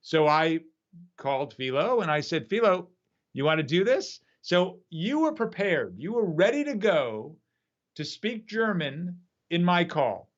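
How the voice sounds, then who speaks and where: An enthusiastic male storyteller with a fairly high voice. He talks over a video call from his home studio, and the sound comes through dull and lo-fi. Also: very animated, unhurried. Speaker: magician and app creator. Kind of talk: casual storytelling.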